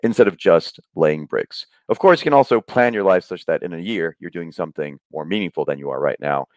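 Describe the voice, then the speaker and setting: A man's voice: low voice, a little fast, no room sound. A middle-aged man, a guest on a conversation podcast, explaining ideas on happiness through anecdotes and acting out the voices of people in his stories. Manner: animated storyteller, acts out quoted voices.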